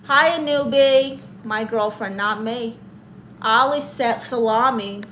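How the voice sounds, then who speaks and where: A woman's voice: fairly high pitch, slow pace, fairly bright tone, a little hiss or hum, rough recording. Sassy New woman reading live chat. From Brooklyn, New York. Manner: sassy, teasing, calls viewers honey and darling. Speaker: livestream host playing an aunt character.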